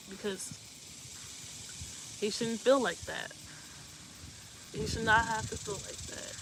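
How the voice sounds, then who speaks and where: A woman with a fairly high voice hosts a live talk show, speaking slowly with long pauses over some background noise. Earnest and emotional, she offers heartfelt advice and keeps asking if you know what she means.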